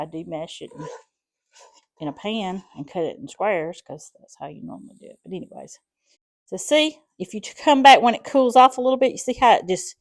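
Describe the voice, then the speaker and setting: A woman's voice: lowish voice, creaky, a little mellow. A middle-aged woman with a South Alabama accent, chatting through a home cooking demonstration in a folksy, rambling way. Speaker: home cooking channel host.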